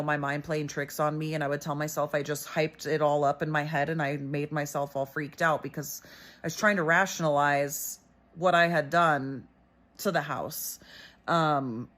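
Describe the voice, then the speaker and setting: A woman's voice: deep voice, fairly bright tone. A young woman hosting a storytelling video, retelling a scary personal experience in a chatty way with many fillers. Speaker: storyteller host. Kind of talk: casual storytelling.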